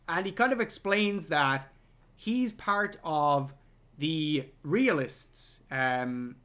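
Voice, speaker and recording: A young man talks through a film's plot on a casual review podcast. His voice sits a bit high. He swings up and down animatedly, breaking into loud character voices as he goes. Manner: animated retelling of scenes, jumps into loud put-on character voices. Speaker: podcast co-host. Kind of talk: casual movie review chat.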